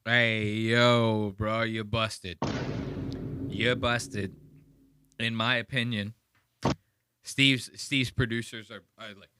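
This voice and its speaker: A male podcast host ranting in a casual, profane, animated way, full of "like". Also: fairly low pitch, slow, pauses often, a little hiss or hum. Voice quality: animated, profane, heavy use of "like".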